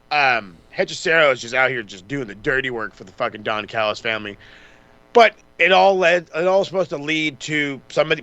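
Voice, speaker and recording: A man co-hosting a podcast, casually recapping wrestling with lots of swearing and quick mocking impressions of the wrestlers. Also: medium pitch, bright, forceful tone, no echo. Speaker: podcast co-host.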